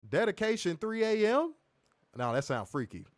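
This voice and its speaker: A man hosting a casual live stream, joking loudly, laughing often and reading out donations. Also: sits high, sing-song, normal speed, no echo, studio quality. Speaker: wrestling stream host.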